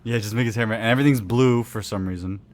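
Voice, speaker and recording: A man co-hosting a comedy show, riffing loudly on a movie with silly put-on voices. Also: lowish voice, very fast. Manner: rowdy, joking, silly voices. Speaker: podcast co-host.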